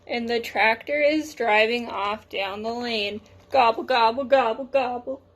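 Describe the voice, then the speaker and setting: A woman's voice: a little high, measured pace, a bit bright. A woman voicing a cautious, worried sheep in a read-aloud storybook, speaking carefully. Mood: cheerful.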